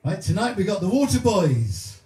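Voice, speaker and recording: A man's voice: high voice, sing-song, moderate pace, heavy background noise. A man hosting a live music stream, chatting casually between songs, teasing and reading out viewer names. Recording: roomy echo with music behind.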